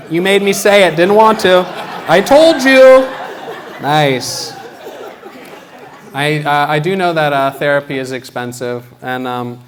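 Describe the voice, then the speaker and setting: A young man performs stand-up in a small gallery venue, his voice sitting a little high for a man. He delivers lines deadpan and halting, slipping into quick acted-out quotes. A faint hum of room ambience sits behind him. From Washington, D.C. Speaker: stand-up comedian. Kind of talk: stand-up comedy set. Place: art gallery venue with live audience.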